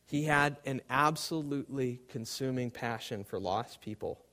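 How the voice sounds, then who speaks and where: A man preaching a sermon to a live congregation, swinging between loud emphasis and hushed, quiet tones. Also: medium pitch, normal speed.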